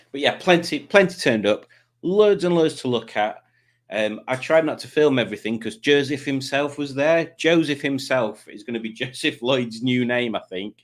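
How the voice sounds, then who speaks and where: A man, hosting a live stream, chatting casually and joking as he reads out viewers' comments. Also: mid-range voice. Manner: chatty, jokey, does silly voices for commenters.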